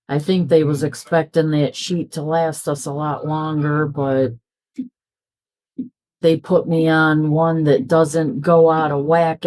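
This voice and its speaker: A middle-aged woman, a crafting vlogger, chats casually while she crafts, rambling from one story to the next and acting out quoted dialogue. Her voice sits low with a darkish tone.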